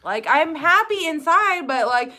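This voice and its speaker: A woman co-hosting a casual chat, animated and swearing as she retells stories. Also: high-pitched, a little slow. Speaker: co-host.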